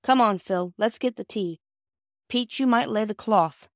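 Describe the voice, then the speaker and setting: A woman reading a classic children's storybook aloud and voicing a sensible older girl who gently smooths over a quarrel. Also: medium pitch, unhurried, no room sound, clean studio sound, voice pushed up, lightly acted. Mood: conciliating. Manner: gentle, coaxing. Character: sensible eldest girl, peacemaker.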